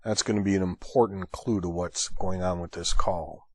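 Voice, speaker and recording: A man's voice: low-pitched, steady tone, moderate pace, a little mellow, no room sound. A man hosting an EMS training lecture, explaining a call in a conversational way. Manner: conversational, thinking aloud with fillers. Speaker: EMS instructor and host.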